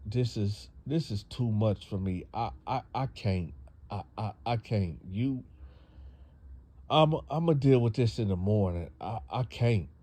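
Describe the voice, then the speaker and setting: A man's voice: lowish voice, animated, unhurried, dark tone. A man voicing a stern, fed-up mother who scolds bluntly and repeats herself. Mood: distraught.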